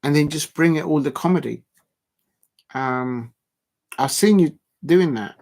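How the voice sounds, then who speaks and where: A man's voice: fairly high pitch, slow, vocal fry, a little mellow. A man, hosting a casual live stream, talking in a rambling, blunt way with many ums and restarts. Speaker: livestream host.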